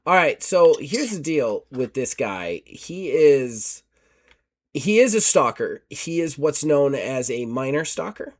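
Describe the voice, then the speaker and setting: A man's voice: a little high, sing-song, slow. A man running a tabletop horror game, narrating loosely with lots of fillers. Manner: loose, rambling with many fillers. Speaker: game master.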